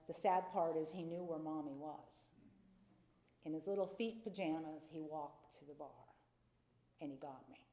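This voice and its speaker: A middle-aged woman speaks from a podium in an echoey meeting hall, her voice dark and mellow and pitched a little low. She tells her story in a candid, confessional way, sometimes acting out voices. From North Carolina. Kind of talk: personal recovery talk from a podium.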